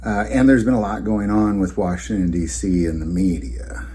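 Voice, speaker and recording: Deep-voiced man telling a story casually. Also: steady tone, normal speed, dark tone, slight background noise. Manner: rambling, conversational, many fillers and restarts. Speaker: channel host.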